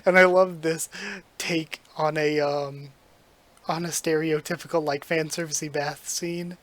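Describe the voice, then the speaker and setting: A man gives enthusiastic, rambling commentary while reacting to a manga he is reading. He talks casually and leans on fillers. His voice sits a bit high for a man. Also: level tone, a little slow, a bit bright, dry recording. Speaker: manga reaction channel host.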